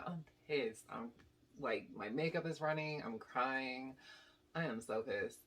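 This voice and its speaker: A young woman telling a casual storytime to her channel, animated and rambling with lots of "like" and "basically". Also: extremely low pitch, unhurried. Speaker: YouTube storyteller.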